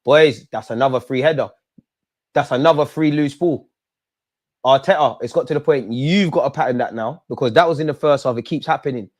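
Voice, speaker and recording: Young guy reacting live to the match, pleading with players then yelling when they score. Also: mid-range voice, brisk. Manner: excitable, talks to the players on screen; shouts and yells at goals and chances. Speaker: football watch-along host. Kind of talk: live match watch-along commentary.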